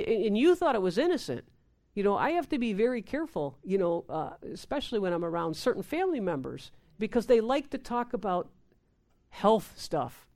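A woman's voice: a little high, darkish tone. A woman giving an informal sermon, often repeating words and acting out quoted prayers. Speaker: preacher.

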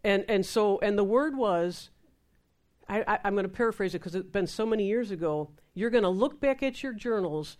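A woman's voice: medium pitch, moderate pace, a little mellow. A woman telling a faith testimony to a group, acting out the quoted dialogue in different voices as she goes. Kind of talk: testimony storytelling.

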